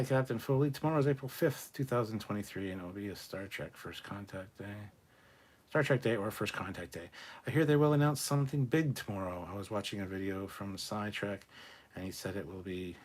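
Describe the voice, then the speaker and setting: Husky-voiced man hosting a live stream. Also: on the low side. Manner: joking, swears, chats loosely. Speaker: live stream host reading chat. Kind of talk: casual live stream chat.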